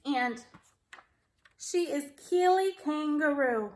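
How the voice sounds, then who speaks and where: A woman teaching a phonics lesson to kindergartners on video, speaking slowly and in a sing-song manner as she reads and spells along. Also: a little high, fairly bright tone. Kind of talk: video lesson for young children. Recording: echoey room.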